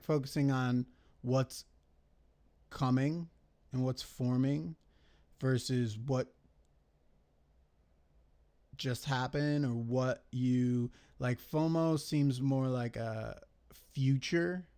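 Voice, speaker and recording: Slow, rambling, cursing man. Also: mid-range voice, darkish tone. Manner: rambling, profane, self-critical, thinking aloud. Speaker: day trader reviewing his trades. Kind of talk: casual screen-recorded trade recap.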